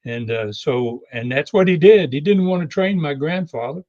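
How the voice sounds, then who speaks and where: An older man and guest telling a long anecdotal story, unhurried and full of fillers and restarts. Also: fairly high pitch, animated, a little mellow, muffled recording. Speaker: wrestling legend guest.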